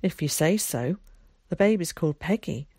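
A woman voicing an excitable, theatrical boy who chatters eagerly. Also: on the low side, normal speed, husky, no echo, studio quality. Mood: chatty.

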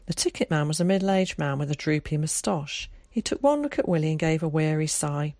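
A woman narrating an audiobook in a calm, measured way. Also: low voice, dry recording, clean studio sound.

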